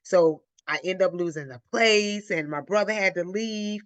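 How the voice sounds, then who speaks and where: Lively woman telling her story, dry sound. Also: on the low side, moderate pace, no room sound. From Illinois. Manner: animated, acts out quoted voices, addresses listeners as y'all. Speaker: host of a live Q&A. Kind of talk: casual personal storytelling.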